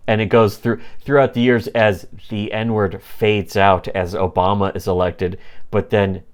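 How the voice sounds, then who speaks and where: A man with a lowish voice talks slowly and unhurriedly on a casual comedy podcast. He rambles through webcomic recaps with plenty of fillers, now and then slipping into quick mock voices for the characters. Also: level tone. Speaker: podcast co-host.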